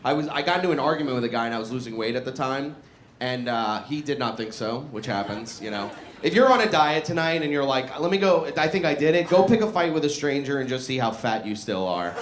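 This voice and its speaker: Lively, profane stand-up comic, man. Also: medium pitch, fast talker, a little hiss or hum. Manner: profane, self-mocking, quizzes the crowd. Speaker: stand-up comedian. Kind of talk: stand-up set. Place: live comedy show in a barbershop. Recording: echoey room with loud audience.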